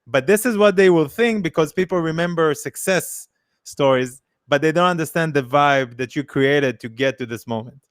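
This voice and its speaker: Smooth-voiced man co-hosting a stream. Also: fairly high pitch, normal speed, no room sound, clean studio sound. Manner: easygoing, loose phrasing, plugs subscriptions. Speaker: podcast co-host. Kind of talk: casual chat on a livestream.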